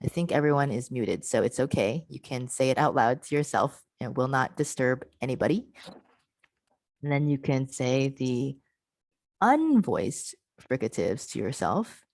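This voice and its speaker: A woman's voice: very deep voice, lively intonation, unhurried, a little mellow, dry recording, low-quality recording. A woman presenting an online pronunciation workshop over a video call, patiently modelling and repeating example words and encouraging participants.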